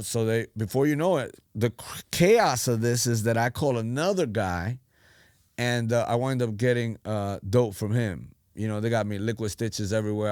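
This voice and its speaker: A middle-aged man, a pastor, telling his life story in animated casual talk and acting out the voices he quotes. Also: fairly low pitch, smooth, no echo, studio quality. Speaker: pastor, podcast guest.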